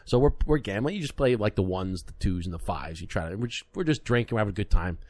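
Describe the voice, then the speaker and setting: Talking quickly in a somewhat low voice, a podcast co-host in his thirties spins a story during casual studio chat. He's animated and performs the voices of the people his story involves.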